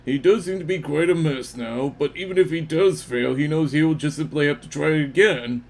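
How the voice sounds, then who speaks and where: A boisterous, self-important schoolteacher who brags about his drinking, acted by a man. His voice is gravelly and sits a little high as he lectures people in a fan radio play. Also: moderate pace, lightly acted. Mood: reassuring. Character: boozy, pompous adult male schoolteacher.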